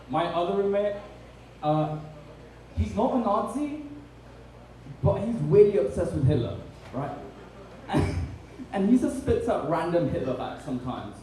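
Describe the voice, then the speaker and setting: Dry young British comedian on stage. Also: male voice, sits high, big pitch swings, measured pace, pauses often, warm tone. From Britain. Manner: dry, self-deprecating, many ums. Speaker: stand-up comedian. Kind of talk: stand-up comedy set. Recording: echoey room, distant mic, faint noise.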